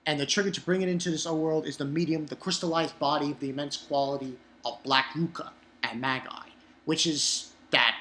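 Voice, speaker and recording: A man's voice: pushed and bright, a little hiss or hum. Exasperated young man recapping manga. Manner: rambling, swearing, pitch jumps up when exasperated. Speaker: manga reviewer. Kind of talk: casual chapter recap.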